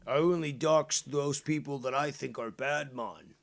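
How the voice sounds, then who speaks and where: Gravelly sarcastic commentary host. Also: male voice, mid-range voice, a little slow. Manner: sarcastic, dropping to a mutter then flaring up.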